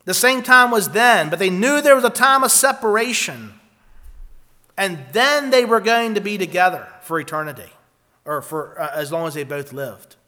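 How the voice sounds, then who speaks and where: Male preacher, high voice, sharp tone, earnest sermon, loud then hushed. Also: moderate pace. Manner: earnest preaching, swings between loud emphasis and quiet passages.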